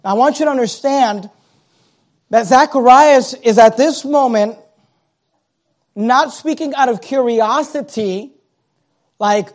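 A male preacher giving a sermon, dramatic and swinging between loud declarations and hushed asides. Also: extremely high pitch, measured pace.

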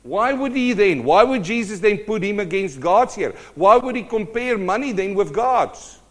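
Animated preaching man, fairly high voice. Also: moderate pace. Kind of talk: sermon.

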